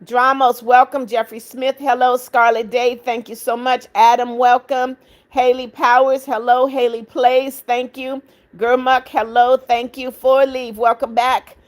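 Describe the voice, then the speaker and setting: A middle-aged woman hosting a livestream, reading viewer comments aloud, warm to kind viewers and firm with rude ones. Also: a little high, level tone, a little slow. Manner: firm, scolding rude commenters, affectionate to others. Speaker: livestream host reading chat. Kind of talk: casual live chat.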